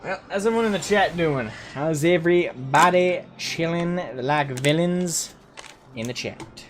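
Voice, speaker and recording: A man's voice: fairly high pitch, measured pace, a little hiss or hum. A man streaming a game live, chatting casually with viewers and swearing freely. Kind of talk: casual live gameplay commentary. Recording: faint game music behind.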